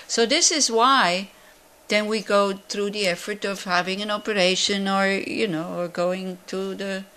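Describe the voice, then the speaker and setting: A woman's voice: mid-range voice, steady tone, a little slow, sharp tone. Woman teaching a Buddhist class. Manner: conversational, rhetorical questions, many fillers.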